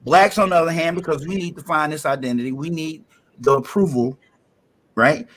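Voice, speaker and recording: High-voiced man, blunt and emphatic. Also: steady tone, brisk. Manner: emphatic, repetitive, blunt and profane. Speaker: panelist. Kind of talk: heated panel discussion.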